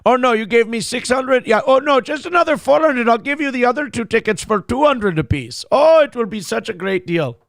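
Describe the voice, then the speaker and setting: A man's voice: very high-pitched, expressive, fairly quick, gravelly, few pauses, a bit bright, dry recording, clean studio sound, pitched above the performer's own voice, exaggerated voice. A man voicing a greedy male online ticket scammer who speaks in fake-friendly, wheedling sales patter.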